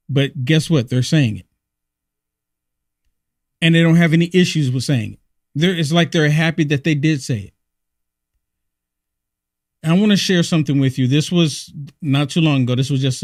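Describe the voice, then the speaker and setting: A man's voice: on the high side, no room sound, clean studio sound. A man hosting his own political commentary show, talking heatedly and repeating rhetorical questions. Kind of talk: opinion monologue.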